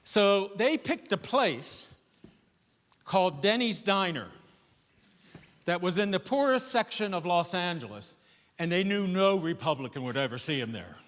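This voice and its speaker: An older man performing a solo stage monologue, animated, going from loud emphasis to hushed asides. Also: sits high, unhurried. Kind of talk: theatrical storytelling monologue. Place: theater stage before a live audience. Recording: echoey theater with long reverb.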